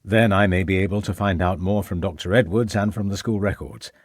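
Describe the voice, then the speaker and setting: A man's voice: low voice, steady tone, brisk, no room sound, studio quality. A man voicing a polite, methodical police inspector in a period mystery. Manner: polite, formal.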